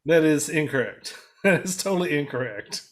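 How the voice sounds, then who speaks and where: A man co-hosting a casual talk show, cracking quick jokes and laughing often. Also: fairly high pitch, animated. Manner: quick wisecracks, laughs a lot. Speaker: podcast co-host. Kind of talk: casual chat.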